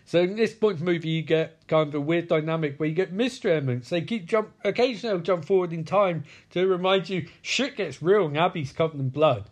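Dude doing a sweary casual movie recap, sarcastic, slightly high voice. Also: male voice, fast talker, few pauses. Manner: crude, sarcastic and profane. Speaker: film recapper.

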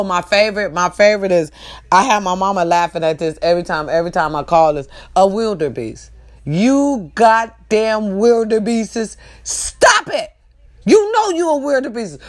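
Woman going off in a funny rant, cussing and scolding, voice a bit high, jumps all over. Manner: animated, profane, scolding. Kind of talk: comedic rant.

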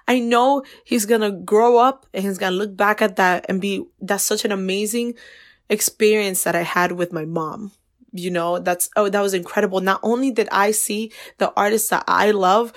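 A young woman talks casually to her viewers, gushing with excitement. She keeps stacking one superlative on another. Her pitch sits in a middle range. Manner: gushing, effusive, repeats superlatives. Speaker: fan vlogger. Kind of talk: casual chat.

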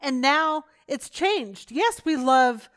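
A woman's voice: high-pitched, animated, slow pace, fairly bright tone. A woman in casual chat, wry and blunt, chiming in and agreeing.

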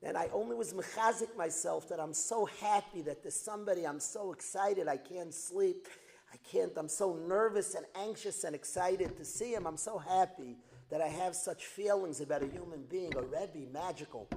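A man teaching a religious lesson as a dramatic story, repeating phrases for emphasis and building to loud outbursts. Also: high-pitched, normal speed. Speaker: Torah teacher. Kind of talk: storytelling lecture.

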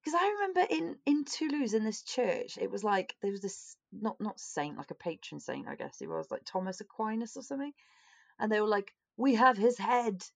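Gravelly-voiced woman chatting. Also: mid-range voice, very animated, brisk. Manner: chatty, swearing, self-mocking. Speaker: podcast co-host. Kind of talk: casual chat.

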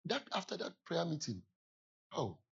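A man with a husky, rough-edged voice preaches in a story-telling sermon, swinging between low, quiet asides and sudden loud shouts and laughs. The sound is dull and lo-fi, like an older recording. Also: big pitch swings, normal speed.

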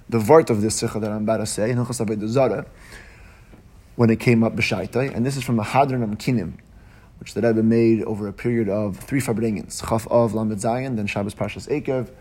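A man teaching a religious text in a Talmudic lecture. He explains it in a sing-song study cadence, with quick restarts, and his voice jumps up at key points. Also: on the low side, a little mellow. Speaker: Torah teacher.

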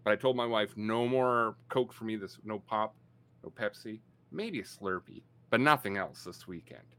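A man's voice: lowish voice, normal speed, a bit bright, clear, resonant tone. A man in his forties, co-hosting a podcast in casual chat, rambling and self-mocking. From Canada. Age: 40s. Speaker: podcast co-host.

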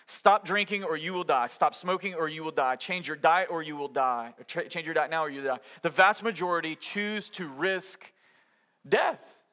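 High, bright-voiced preacher man. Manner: conversational and emphatic, with rhetorical questions and acted-out quotes. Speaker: pastor. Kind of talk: sermon.

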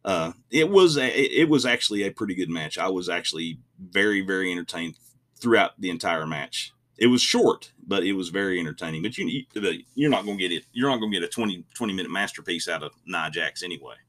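A man's voice: low voice, lively intonation, fast, a bit bright. A man co-hosting a casual wrestling podcast, rambling and opinionated, often restarting his sentences. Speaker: podcast co-host.

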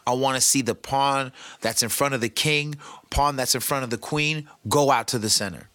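A man hosting a podcast in a casual, animated way, giving life advice, joking with his producer and using slang. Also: mid-range voice, moderate pace, no echo. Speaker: podcast host. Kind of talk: casual motivational talk.

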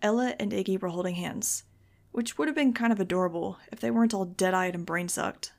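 A woman reads a first-person novel aloud with a wry, sarcastic edge. Her gravelly voice sits at an ordinary pitch for a woman, and the sarcasm stays dry throughout. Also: fairly quick. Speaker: audiobook reader.

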